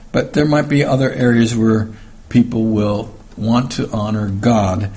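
A man's voice: fairly low pitch, warm tone. Man, Bible study sermon, conversational, fillers and restarts, acts out the verses. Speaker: Bible teacher.

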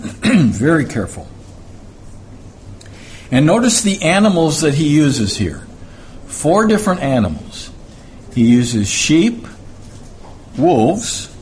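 A man preaching a sermon, deliberate and emphatic, repeating key phrases as he explains scripture. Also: on the high side, slight background noise.

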